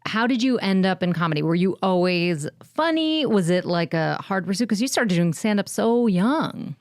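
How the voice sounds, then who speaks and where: A woman's voice: medium pitch, animated, moderate pace, dry recording, clean studio sound. A woman co-hosting a podcast, asking her guest curious questions casually. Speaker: podcast co-host.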